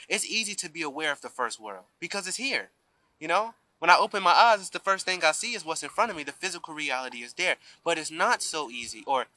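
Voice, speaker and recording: Man, bright and fairly high voice, preachy spiritual talk outdoors to a camera mic. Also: rough recording. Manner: emphatic, preachy, keeps asking "you see?".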